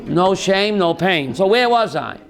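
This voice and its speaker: A man teaching a lively Torah class as a rabbi, asking his listeners questions and mixing in Hebrew terms. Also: high voice, a little slow, creaky. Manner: animated, asks the audience questions, mixes Hebrew terms.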